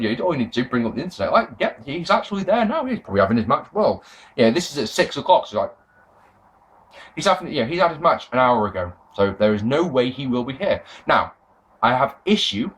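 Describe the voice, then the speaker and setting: A young man from England talking casually to camera, rambling excitedly and swearing freely as he reviews shows. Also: fairly high pitch, quick pace, low-quality recording. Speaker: wrestling fan vlogger.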